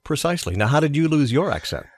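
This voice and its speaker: A man's voice: fairly high pitch, very animated, husky, dry recording, studio quality. A man from Massachusetts hosting a radio show, chatting casually and telling stories with an easy laugh. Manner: chatty, storytelling, quick to laugh. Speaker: radio host. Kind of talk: casual on-air chat.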